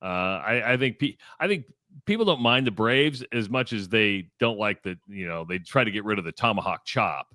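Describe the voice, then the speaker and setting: A man's voice: lowish voice, expressive, moderate pace, bright, forceful tone, dry recording, studio quality. A man co-hosting a radio sports talk show in casual banter, opinionated and emphatic. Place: radio studio.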